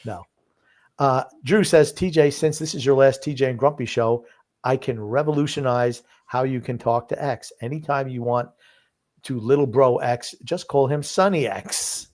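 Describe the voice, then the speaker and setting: A man's voice: medium pitch, normal speed, a little mellow. An older man co-hosting a casual podcast, teasing his co-hosts and reading viewer comments aloud. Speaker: co-host reading chat comments.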